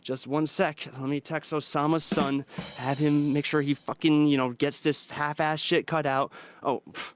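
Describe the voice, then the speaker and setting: A man's voice: a little high, level tone, normal speed, soft background music. A man hosting a comedy roast on stream, reading crude jokes from his notes in a dry way. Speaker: roast host.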